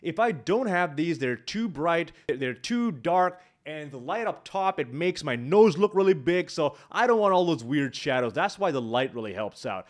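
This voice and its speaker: A man coaching viewers on how to speak, his voice a touch high and swinging widely in pitch. He teaches through live examples into a large studio microphone at a home video setup. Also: normal speed, hardly any pauses. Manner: animated, walks through examples on the spot. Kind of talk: instructional YouTube talk.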